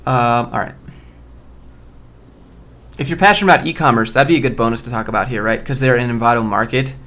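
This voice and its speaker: A man's voice: mid-range voice, fast talker, bright, forceful tone. A man on a casual live stream who reads job listings aloud and riffs on them in a blunt, joking way. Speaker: streamer reviewing job postings.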